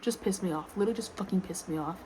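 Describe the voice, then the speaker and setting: A woman's voice: medium pitch, very fast. Young woman vlogger, irritated rant with lots of sighs and swearing, mid-range voice, slight noise behind. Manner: exasperated, swearing, constant "like" fillers, sighing. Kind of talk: casual rant to camera.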